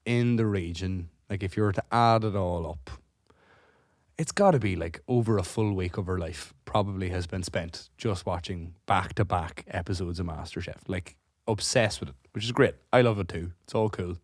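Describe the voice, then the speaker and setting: A lowish-voiced man, chatting casually as a podcast co-host. He gets animated and swears his way through a funny story. The recording is dry and close, with no room sound. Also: normal speed, dry recording. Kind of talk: casual chat.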